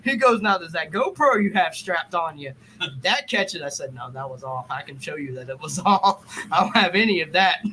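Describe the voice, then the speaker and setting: A man's voice: a little high, moderate pace, a little hiss or hum, rough recording. A man telling a story in a loose, profane podcast chat, acting out both sides of the conversation. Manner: animated, profane, acts out quotes.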